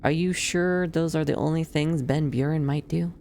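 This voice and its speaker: Streamer voicing a calm bodiless male spirit. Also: medium pitch, creaky, a little hiss or hum, pitched above the performer's own voice, natural voice. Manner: measured, patient formal speech. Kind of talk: reading game dialogue aloud.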